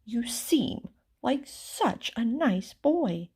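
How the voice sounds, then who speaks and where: A woman reading a storybook aloud, voicing a pleasant, reluctant executioner who speaks gently and kindly. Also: high voice, very animated, slow, heavily acted. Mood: friendly. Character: pleasant, easygoing executioner, grown man.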